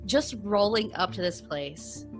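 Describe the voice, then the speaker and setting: A woman's voice: mid-range voice, expressive, measured pace, over music. A woman co-hosting a podcast, telling a story casually and rambling with lots of "like". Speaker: podcast co-host.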